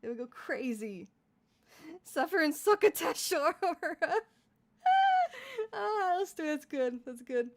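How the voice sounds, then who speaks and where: Young woman streaming, giggles a lot, rambly casual chat, voice a little on the high side. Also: expressive, unhurried, long pauses. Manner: giggly, rambling, laughs often. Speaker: VTuber streamer.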